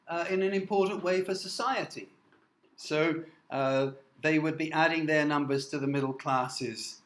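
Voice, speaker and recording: A man from the north of England giving a classroom lecture, halting with many fillers and often asking "okay?". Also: on the high side, fairly bright tone, reverberant, rough recording. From Newcastle, north of England. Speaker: university lecturer.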